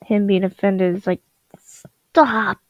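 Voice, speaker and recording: A groggy young woman vlogs her digital drawing at home at night, rambling, giggling to herself and giving casual commentary. Her medium-pitched voice is creaky and darkish yet expressive, at a measured pace. The recording is dry, from a dull lo-fi home mic.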